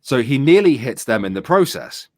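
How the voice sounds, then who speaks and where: A British man in his thirties, co-hosting a stream and telling a rowdy story in casual chat, swearing freely and acting out his own shouting. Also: medium pitch, sing-song, moderate pace, no echo, studio quality. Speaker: streamer and co-host.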